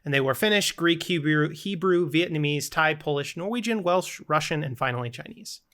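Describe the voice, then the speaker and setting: A man's voice: fairly high pitch, expressive, moderate pace, bright, forceful tone. A man co-hosting a casual podcast, playfully reading out quiz options and running the game segments.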